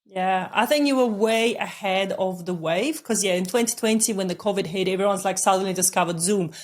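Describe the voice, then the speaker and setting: Woman podcast host, deliberately slowed speech. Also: medium pitch. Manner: warm-paced, deliberately slowed speech, laughs often. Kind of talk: casual interview chat.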